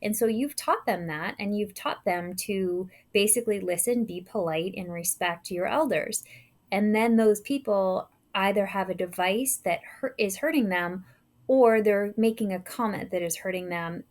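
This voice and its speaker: A woman's voice: medium pitch, moderate pace, a little mellow. A woman guest on a podcast, speaking earnestly and with conviction in conversation.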